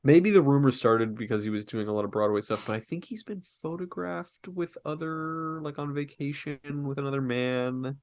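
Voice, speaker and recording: A man's voice: medium pitch, moderate pace, hardly any pauses, darkish tone. A young man co-hosting a podcast, rambling in crude, casual banter full of swearing and restarts. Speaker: podcast co-host.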